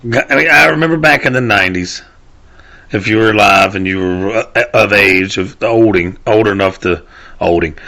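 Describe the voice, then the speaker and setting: On a casual rant show, a male podcast host with a lowish, sharp voice rambles on. He swears freely and chuckles at his own anecdotes throughout the monologue.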